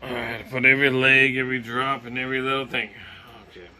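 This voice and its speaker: A man from Hawaii with a Hawaiian accent, vlogging casually in a jokey, excitable way, swearing and laughing as he talks. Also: medium pitch, quick pace. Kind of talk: casual vlog.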